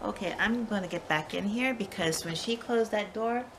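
A woman's voice: medium pitch, normal speed. A woman vlogging at home, panicky and exclamatory, repeating herself while searching a storage room. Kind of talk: casual home vlog. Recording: noisy home video.

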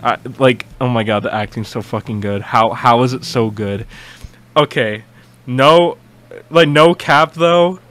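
Excitable young guy gushing and swearing through a reaction video, bright, crisp voice. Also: mid-range voice, a little slow. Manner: excitable, swearing, rambling with restarts. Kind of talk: casual reaction commentary.

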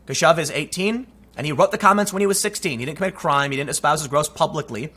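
A man's voice: on the high side, fast, a bit bright, slightly rough. A man giving emphatic, conversational opinion commentary and telling a personal story. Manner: emphatic, conversational, frequent restarts. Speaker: political commentator.

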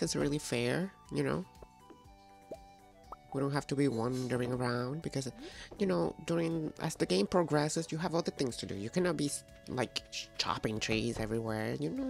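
Gravelly-voiced woman chatting through a game. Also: low-pitched, lively intonation, normal speed, soft background music. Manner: chatty and playful, talks to game characters and viewers. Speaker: gaming video host. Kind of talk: casual let's-play commentary.

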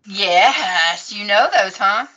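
A woman's voice: mid-range voice, very slow, pushed and bright, muffled recording. A woman teaching a casual painting lesson at a craft table, chatty and encouraging as she explains each step. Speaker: craft instructor.

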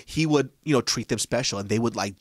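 A man co-hosting a comedy podcast, telling stories in a profane, animated way and acting out the people in them. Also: mid-range voice, quick pace, dry recording, clean studio sound. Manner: profane, animated storytelling, acts out other people. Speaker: podcast co-host. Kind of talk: casual comedy podcast chat.

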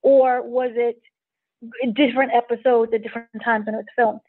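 Woman interviewer, rushed question, husky, tinny phone sound. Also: fairly high pitch, level tone, dry recording. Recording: tinny phone-like line, dry.

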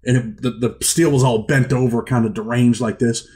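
A man's voice: medium pitch, moderate pace. Man telling a story in street slang. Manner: street slang, animated, acts out quotes. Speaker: host telling his prison stories. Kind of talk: casual storytelling monologue.

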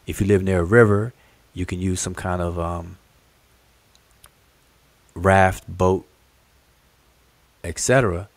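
A man's voice: deep voice, fairly even intonation, takes it slowly, long pauses, no room sound. A man hosting a livestream lesson, patiently explaining inscriptions, repeating key words and talking straight to his chat. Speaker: host teaching hieroglyphic writing.

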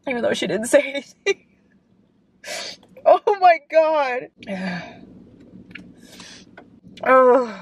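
A woman's voice: high voice, sing-song, drawn-out words, pauses often, slightly rough. Woman, American accent, twenties, book vlogger, emotional, tearful, gushing, reads aloud in a car. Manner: emotional, gushing, often crying. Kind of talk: reading aloud and reacting. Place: parked car.

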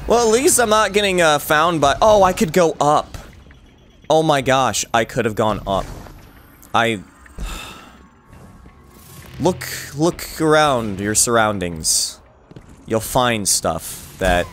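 A young man giving excitable game commentary, laughing and talking back at the game as he plays. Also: medium pitch, takes it slowly, long pauses, slight background noise. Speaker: gaming YouTuber.

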